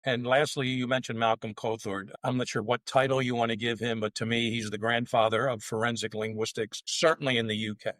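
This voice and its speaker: A male podcast host speaking conversationally with his guests. His voice is at a middle pitch. The recording is dry and close, with no room sound. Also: steady tone, brisk, few pauses, a bit bright, dry recording, rough recording. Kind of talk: podcast interview.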